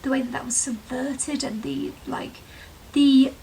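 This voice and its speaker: Chatty English vlogger woman, high and a bit gravelly, mixed regional accent, sitting back from the mic in a room with faint background noise. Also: fairly even intonation, a little slow, dark tone, distant mic, rough recording. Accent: mixed English, with touches of Herefordshire, London and Welsh. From England. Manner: chatty, full of "like" and "um" fillers. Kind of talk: casual rambling chat to camera. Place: room at home with sunlight coming in.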